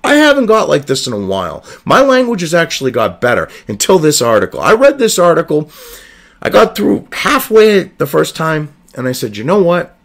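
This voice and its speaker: Angry male commentator, high-pitched, wildly swinging delivery, profane and heated. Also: wildly swooping pitch, normal speed, gravelly. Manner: profane, heated, shouting insults. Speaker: online news commentator.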